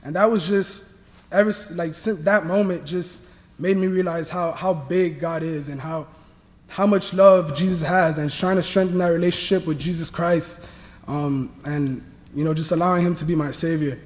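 A young man from Miami giving an earnest personal faith testimony, halting with many restarts. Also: fairly high pitch, fairly even intonation, big-room sound. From Miami, Florida. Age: young adult. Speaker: student athlete sharing testimony.

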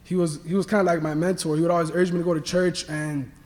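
Earnest young man, high voice. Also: flat delivery, darkish tone, big-room sound. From Miami, Florida. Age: young adult. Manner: earnest, halting, many restarts and fillers. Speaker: student athlete sharing testimony. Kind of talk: personal faith testimony.

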